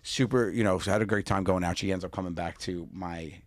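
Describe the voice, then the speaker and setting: Brief: male co-host, 40s, low voice, animated anecdote-teller, dry studio sound. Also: a little fast, no echo. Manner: animated storyteller, laughs often. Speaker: podcast co-host. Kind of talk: casual chat.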